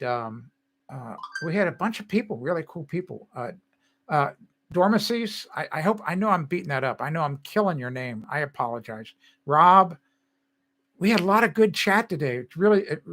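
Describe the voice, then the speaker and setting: A man's voice: fairly high pitch, fairly bright tone. Chatty older man hosting a live stream. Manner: chatty and rambling, laughs often. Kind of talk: casual chat with viewers.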